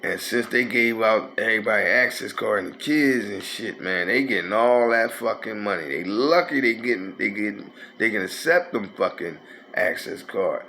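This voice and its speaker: A man's voice: lowish voice, normal speed, sharp tone, slight background noise. A man, telling a rambling, profane street story in a casual way. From North Philadelphia. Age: 50s.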